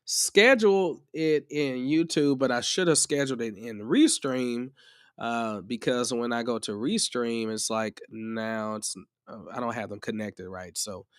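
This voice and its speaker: A man's voice: mid-range voice, unhurried, clean tone, no room sound. Chatty man, dry close sound. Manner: rambling and chatty, often restarts. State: a bit under the weather. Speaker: music production tutor. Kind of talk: casual live-stream chat.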